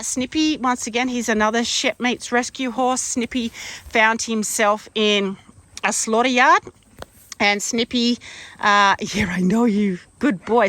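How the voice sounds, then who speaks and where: A woman's voice: a little high, pushed and bright, no room sound. A woman, a horse trainer chatting casually and affectionately in an outdoor paddock, with lots of ums and fond cooing. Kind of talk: casual walk-around vlog.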